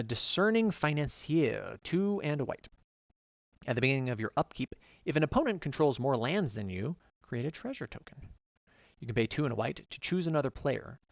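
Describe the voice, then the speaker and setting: Gravelly man reading card text. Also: mid-range voice, no echo, muffled recording. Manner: reads card text aloud, quick and run-on. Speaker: vtuber streamer. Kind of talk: casual card-by-card deck reading.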